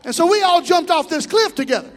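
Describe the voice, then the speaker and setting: A middle-aged man preaching a sermon as pastor, swinging between shouted exhortation and quiet, chatty storytelling. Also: extremely high pitch, animated, fast. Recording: long hall reverb.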